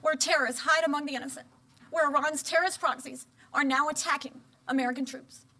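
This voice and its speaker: A woman politician giving an earnest campaign speech in a measured, oratorical manner. Her voice sits somewhat high. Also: steady tone, pushed and bright.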